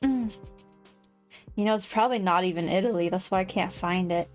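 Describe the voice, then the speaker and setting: A woman livestreaming casual chat, rambling and quick to laugh. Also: mid-range voice, soft background music. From United States.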